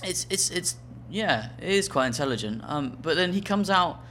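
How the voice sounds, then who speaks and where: A man's voice: a little high, expressive, normal speed, sharp tone, slight background noise. A man co-hosting a podcast, reading listener emails aloud with dry, wry humour. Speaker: podcast co-host. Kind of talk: casual comedic chat.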